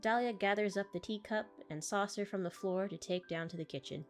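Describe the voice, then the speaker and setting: Faint music plays behind this woman's steady, mid-range voice, which moves a little fast. A gaming YouTuber, she reads a story game's text aloud during her playthrough, chatting casually and giggling often.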